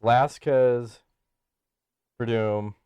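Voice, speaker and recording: Joking potty-mouthed podcast guy, mid pitch, dry close mic. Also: steady tone, very slow, warm tone, clear, resonant tone, no echo. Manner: brash, profane and joking, laughs often. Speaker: podcast co-host. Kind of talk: casual chat.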